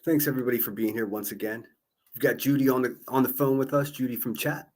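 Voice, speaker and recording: A man's voice: mid-range voice, steady tone, fast, a little mellow. A man hosting a call-in livestream, chatting casually, laughing often and stumbling over repeated words.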